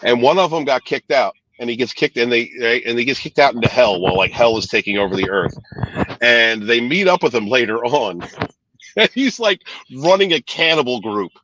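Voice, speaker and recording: An animated man chats on a casual podcast, laughing often and swearing freely. His voice is bright and swings widely in pitch, recorded dry and close. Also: fairly quick, dry recording, highs cut off.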